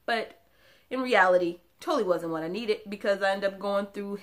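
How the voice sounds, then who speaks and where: A woman's voice: mid-range voice, a little fast. A young woman vlogger telling a painful personal story to camera in a candid, confiding way, with laughs breaking in between the sad parts.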